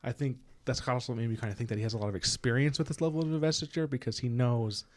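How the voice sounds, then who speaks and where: A man's voice: mid-range voice, steady tone, fast. A man co-hosting a podcast, casually discussing a book and eagerly pointing out plot hints, with many fillers. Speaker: podcast co-host.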